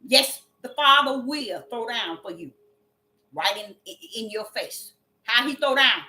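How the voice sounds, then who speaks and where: A woman's voice: fairly high pitch, lively intonation, unhurried, sharp tone. A woman preaching a sermon in an emphatic way, repeating her phrases and drawing out the scripture she reads. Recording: echoey room with faint music.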